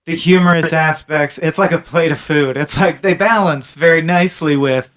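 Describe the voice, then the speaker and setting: A man's voice: fairly high pitch, moderate pace, fairly bright tone. A man co-hosting a podcast interview, jokey and enthusiastic, who riffs on the topic and laughs along. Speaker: podcast co-host.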